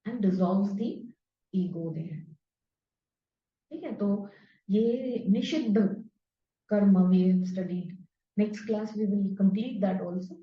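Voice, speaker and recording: A woman's voice: mid-range voice, moderate pace, pauses often. A woman, earnestly explaining scripture to a class and tossing in tag questions like "no?". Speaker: spiritual teacher. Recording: roomy, distant, dull-sounding.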